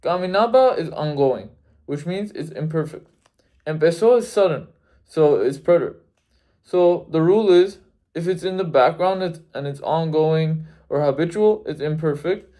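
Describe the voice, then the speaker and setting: A man's voice: a little high, lively intonation, moderate pace, dark tone. A young man giving a last-minute grammar review, methodically listing verb endings and spelling them out letter by letter. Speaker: Spanish tutor. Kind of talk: exam review lesson.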